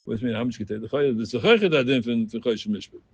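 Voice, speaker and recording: A man leading a Talmud study group, explaining the text in an animated voice and chanting quoted passages in a sing-song. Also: medium pitch, rapid-fire, creaky, over a noisy crowd. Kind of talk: Talmud class teaching.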